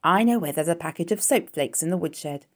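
A woman voicing a grumbling, greedy male rat in a storybook reading, gruff and put-upon. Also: lowish voice, expressive, fairly quick.

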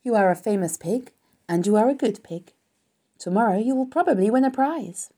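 A woman reading a storybook aloud, voicing a wise and gentle female spider who speaks in a calm, measured way. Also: a little high, voice pushed up. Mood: reassuring.

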